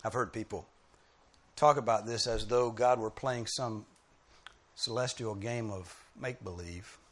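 A pastor with a lowish, slightly slow voice preaches an expository sermon. He drives his points home emphatically, repeating key phrases with rising force.

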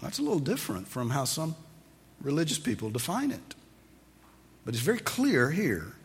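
A man's voice: on the high side, normal speed, long reverb tail. A man preaching a sermon as pastor, teaching and asking his listeners emphatic questions. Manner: animated, rising to emphatic questions.

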